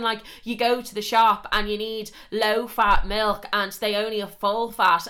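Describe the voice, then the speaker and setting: Woman, podcast host, bright forceful voice, chatty, swears freely, self-mocking storyteller. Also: mid-range voice, moderate pace, hardly any pauses. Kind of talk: casual storytelling monologue.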